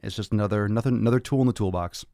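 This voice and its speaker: Low-voiced blunt fitness host. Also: male voice, very fast, mellow, no room sound, clean studio sound. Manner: blunt and profane, lecturing. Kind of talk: blunt Q&A monologue.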